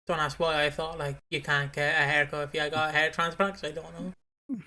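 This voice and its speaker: Guy on a podcast, bright forceful voice, rambly, keeps restarting his sentences. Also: a little high, level tone, brisk. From Britain. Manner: rambling, restarts, laughs at his own retellings. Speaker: podcast co-host. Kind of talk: casual chat.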